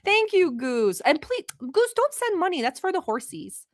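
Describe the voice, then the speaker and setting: A woman from the Middle East whose first language isn't English runs a casual livestream reacting to videos, chatting playfully and talkatively with viewers. Her voice is extremely high and very animated, at normal speed. The recording is dry and studio quality.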